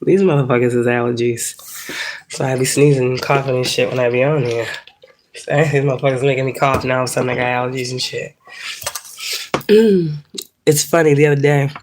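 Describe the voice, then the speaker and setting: A woman's voice: rumbling low, fairly even intonation, fairly quick, long pauses, darkish tone, a little hiss or hum. A woman in her thirties chatting casually on a livestream, rambling and profane, laughing often, congested from allergies. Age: 30s. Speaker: spiritual livestreamer. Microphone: phone.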